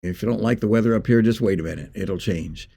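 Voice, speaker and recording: A man giving a folksy, conversational devotional talk as a pastor. He pauses and restarts as he speaks. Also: fairly low pitch, creaky, warm tone, breathy edge. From Northeast Indiana.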